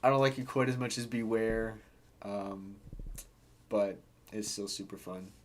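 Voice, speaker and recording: A man's voice: on the low side, unhurried, a little hiss or hum. A man giving a casual, hesitant and rambling review of a song, laughing between thoughts. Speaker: album reviewer.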